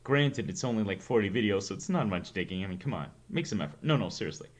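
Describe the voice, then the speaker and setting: Speaking quickly with lively intonation, this lowish-voiced man hosts a stream and talks loosely to viewers in a New England accent. He rambles along and jokes at his own expense.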